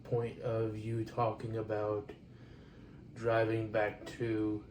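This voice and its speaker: Man, podcast co-host, monotone, far from the mic in a roomy space, noisy. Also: on the low side. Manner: halting, frequent "um" restarts. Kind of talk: casual chat. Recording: roomy, distant mic with clear background noise.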